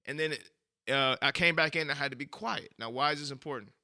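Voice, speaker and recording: A man with a very bright, slightly high voice chats casually on a podcast. He tells his stories with animated energy and gets loud when he is excited. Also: quick pace. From United States. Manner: animated storyteller, bursts into shouting when excited. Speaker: podcast co-host. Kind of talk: casual chat.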